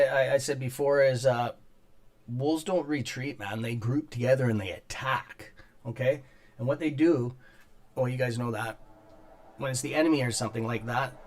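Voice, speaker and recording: Speaking in a mid-range voice, a man runs a casual stock market livestream from his top-floor home studio. His chat with viewers is rambling and profane, and he greets people in the chat by name. He keeps clearing his throat and coughing throughout.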